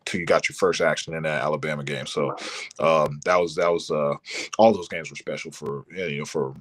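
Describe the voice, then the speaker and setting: A former college football player, talking relaxed and laid-back as a guest. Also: male voice, very deep voice, brisk, dry recording. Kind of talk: casual interview chat.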